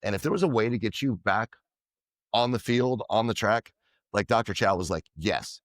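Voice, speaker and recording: Man, podcast guest, lowish voice, dry close sound, lively storytelling. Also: moderate pace, dry recording. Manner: animated anecdotes, quoting others in dialogue. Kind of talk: casual storytelling interview.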